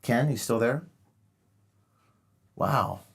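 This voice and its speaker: Male call-in host, sarcastic mock-earnest lecturing tone, mid pitch. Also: drawn-out words, vocal fry, husky. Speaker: show host taking calls. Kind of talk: live call-in show.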